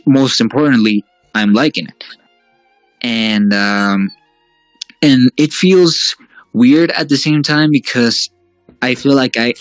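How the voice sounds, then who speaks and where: A man's voice: mid-range voice, dry recording, poor audio. A man talking as a guest in a casual interview, hesitant and full of fillers and restarts. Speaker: guest, fan-series creator.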